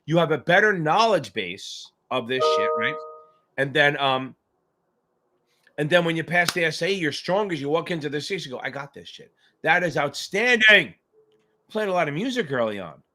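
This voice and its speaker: A male exam tutor runs a loose, joking live Q&A stream, rambling and swearing freely. His slightly high voice is sing-song and moderately paced, with music playing in the background.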